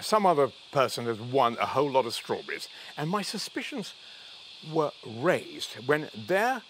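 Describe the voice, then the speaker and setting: A man's voice: medium pitch, a bit bright, a little hiss or hum. A man guest in a chatty interview, telling anecdotes jovially, laughing often and restarting his sentences. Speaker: reality show contestant guest.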